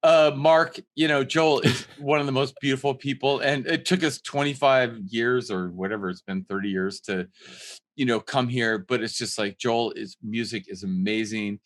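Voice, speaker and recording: A man hosting a podcast over a video call, talking in a loose, rambling way with swearing, swinging from loud joking to soft emotional moments. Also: mid-range voice, steady tone, normal speed. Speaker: podcast host.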